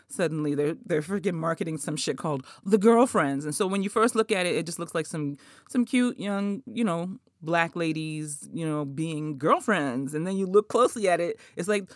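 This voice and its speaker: A woman's voice: low-pitched, dry recording, studio quality. A woman in her forties hosting a podcast in casual chat, swearing freely, laughing often and putting on mock outrage. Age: 40s. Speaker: podcast host.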